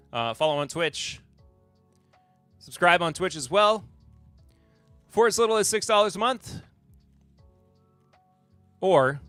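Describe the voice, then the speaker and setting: A man's voice: on the high side, pushed and bright, dry recording. A man in his thirties from the Southern United States, hosting a casual livestream podcast and rambling with lots of fillers and restarts. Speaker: podcast host.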